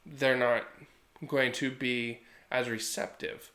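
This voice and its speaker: A man's voice: mid-range voice, takes it slowly, echoey room. A man in his thirties co-hosting a podcast, telling stories earnestly and acting out quotes in a casual chat. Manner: earnest, animated storytelling with acted quotes. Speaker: podcast co-host.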